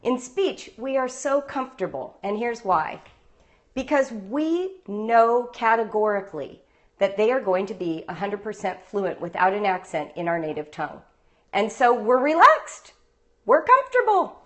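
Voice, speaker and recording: A woman's voice: medium pitch, big pitch swings, measured pace. A woman who teaches homeschool writing, giving a live-streamed talk on a phone with playful stories and rhetorical questions. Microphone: phone livestream.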